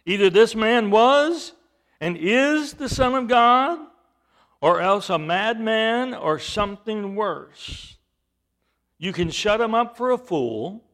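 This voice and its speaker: A man preaching a sermon, emphatic, with rhetorical questions and swings between loud and hushed delivery. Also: on the high side, creaky.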